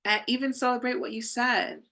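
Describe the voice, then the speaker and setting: A woman's voice: on the high side, steady tone, normal speed, gravelly, sharp tone. A woman leading a live online healing session, talking to her viewers in an effusive, affirming way. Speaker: spiritual healing coach.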